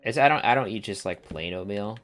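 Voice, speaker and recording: A man's voice: on the low side, expressive, a little fast, fairly bright tone, faint music behind. A young man chatting casually and rambling while playing a game, dropping slang as he goes. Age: young adult. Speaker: let's play gamer. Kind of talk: casual gameplay commentary.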